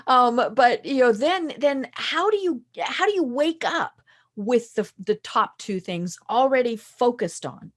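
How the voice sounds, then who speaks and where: A woman hosting a podcast interview, lively and quick, chatting casually and easily wound up. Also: fairly high pitch. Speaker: podcast host.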